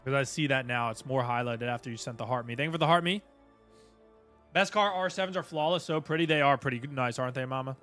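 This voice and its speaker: A man's voice: medium pitch, fast, a bit bright. A man streaming a game live, chatting casually and greeting viewers by name, with faint music behind.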